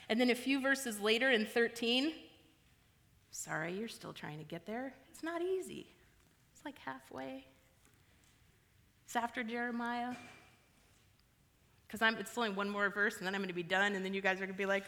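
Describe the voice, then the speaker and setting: A woman's voice: on the high side, normal speed, pauses often, sharp tone, big-room sound. A woman giving a candid personal sermon in a frank, conversational, self-deprecating way. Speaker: church speaker.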